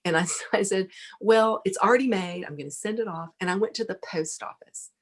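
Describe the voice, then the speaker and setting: A middle-aged woman, a podcast guest, telling a lively story, laughing often and acting out what people said. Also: mid-range voice, brisk. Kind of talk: casual storytelling interview.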